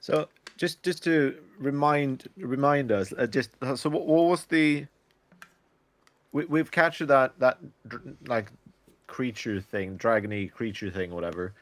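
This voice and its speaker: A man playing a tabletop game, halting and restarting his words as he works out what to say. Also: mid-range voice, fairly bright tone. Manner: halting, stammers and restarts when unsure.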